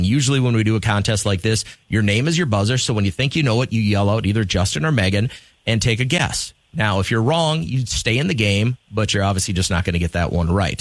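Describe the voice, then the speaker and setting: A man's voice: fairly low pitch, no room sound. Upbeat man hosting a radio contest. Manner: upbeat, jokey, running a call-in trivia game. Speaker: radio morning show host.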